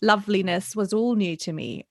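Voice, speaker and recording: A woman's voice: mid-range voice, moderate pace, no echo, clean studio sound. German-accented woman hosting a podcast. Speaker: podcast host. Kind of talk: casual podcast chat.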